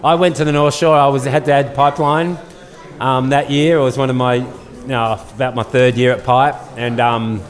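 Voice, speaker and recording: A guest storyteller in his fifties with an Australian accent tells a story casually at a live event, full of fillers and restarts. His voice is mid-range and steady at a moderate pace. The recording has long hall reverb.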